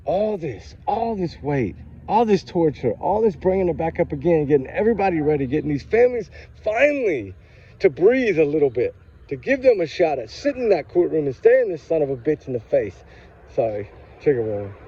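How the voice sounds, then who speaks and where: A man's voice: on the high side, sing-song, a little fast, mellow, husky, muffled recording. Fired-up man ranting outdoors. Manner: angry, fired up, talks straight to viewers. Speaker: true crime channel host. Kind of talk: casual ranting vlog to viewers. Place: outdoors in a grocery store parking lot.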